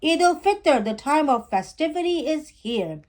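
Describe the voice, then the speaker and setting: A woman's voice: high-pitched, sing-song, unhurried, a little mellow, voice pushed up. A woman voicing a cheerful, joking father in a children's story, read in a playful mock-announcer manner. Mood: announcing.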